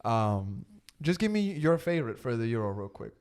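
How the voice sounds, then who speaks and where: A man's voice: medium pitch, lively intonation, normal speed, darkish tone. A man hosting a casual sports podcast, joking and swearing as he leads the talk. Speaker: podcast host.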